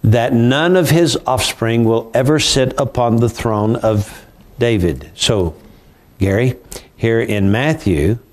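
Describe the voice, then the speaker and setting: A man's voice: medium pitch, takes it slowly, a little mellow. An older man, hosting a conversational Bible study in a folksy, emphatic way. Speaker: Bible prophecy show host.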